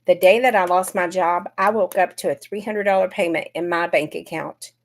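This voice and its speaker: Brief: middle-aged woman, lowish voice, chatty livestream host who talks straight to her viewers. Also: fairly even intonation, moderate pace. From Georgia, US. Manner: chatty, greets viewers by name. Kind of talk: casual livestream chat.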